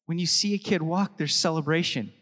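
A man's voice: a little high, fairly quick, fairly bright tone, in a large hall. A young adult man preaching a sermon as pastor, chatty and anecdotal, often laughing between thoughts.

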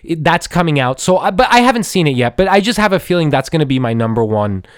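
A man's voice: on the high side, sing-song, quick pace, smooth, no room sound, studio quality. A man in his thirties hosting a podcast, gushing about a film in a profane, stammering rush full of "dude" and restarts. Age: 30s. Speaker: podcast host. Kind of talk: excited film review monologue.

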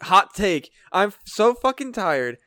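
A man's voice: high voice, measured pace, no echo, studio quality. A man co-hosting a casual podcast, ranting and swearing his way through food gripes. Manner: profane, ranting, animated. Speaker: podcast co-host.

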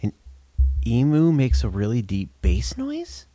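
A man's voice: medium pitch, huge pitch swings, measured pace, warm tone, dry recording, faint music behind. A man giving casual reaction commentary on bird sounds, joking, exclaiming and swearing.

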